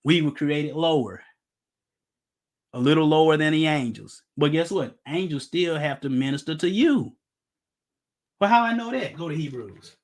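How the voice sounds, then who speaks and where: High-voiced emphatic male preacher. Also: lively intonation, moderate pace, pauses often. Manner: emphatic, rhetorical questions, jokes with the audience. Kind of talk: informal Bible-teaching sermon.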